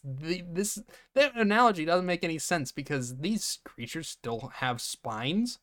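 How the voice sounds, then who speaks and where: A man co-hosts a podcast, casually recapping a movie in an animated way, acting out the characters' lines and laughing often. His voice is medium in pitch, at a moderate pace.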